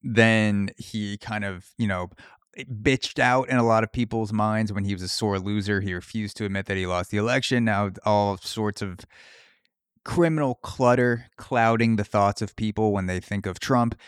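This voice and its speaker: A man's voice: lowish voice, moderate pace, clean tone, dry recording, studio quality. A man hosting a podcast, riffing through a profane comedic solo monologue. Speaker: podcast host.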